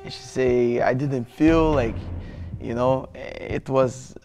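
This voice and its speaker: A man in his thirties with a Brazilian Portuguese accent tells a personal story in an interview, halting and restarting, with many fillers. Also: medium pitch, fairly even intonation, vocal fry, warm tone, soft background music. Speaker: jiu-jitsu athlete.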